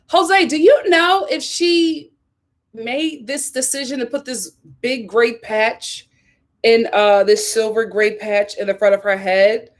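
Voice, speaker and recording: A woman hosting a casual live stream, reading viewer comments aloud and reacting with opinionated chatter, laughs and sudden high squeals of surprise. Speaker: live stream host reviewing a reality show. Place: home in a hot city.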